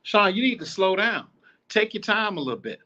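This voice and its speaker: A man's voice: high voice, sing-song, a little fast, sharp tone, dull audio. A man hosting a podcast, giving blunt, profane advice in a casual, preachy, repetitive monologue. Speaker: podcast host.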